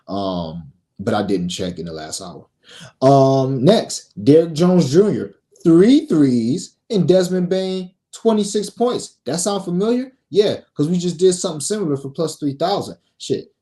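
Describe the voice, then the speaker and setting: Brash, cursing sports betting host. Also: male voice, mid-range voice, dark tone. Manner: brash, profane, scolding viewers then laid-back. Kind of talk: casual sports betting picks talk.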